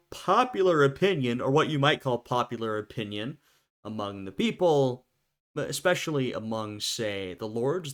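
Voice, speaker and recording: A man's voice: mid-range voice, fairly bright tone. A young man, the host, giving casual commentary on a video and thinking aloud as he talks. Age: young adult. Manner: conversational, thinking aloud with fillers and restarts.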